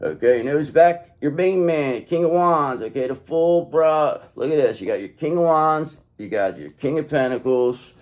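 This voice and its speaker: A man's voice: a little high, animated, normal speed, hardly any pauses, a little mellow. A man giving a tarot reading to the viewer, speaking emphatically and tagging nearly every point with "okay?". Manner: emphatic, keeps adding "okay?" after each point. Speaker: tarot reader.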